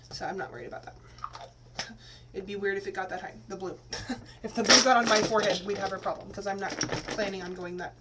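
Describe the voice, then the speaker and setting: Chatty woman from Texas, slightly distant mic. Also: medium pitch. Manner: chatty, rambling, many fillers and restarts. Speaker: teacher and vlogger. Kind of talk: casual hair-dye tutorial vlog. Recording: slightly distant mic, faint room noise.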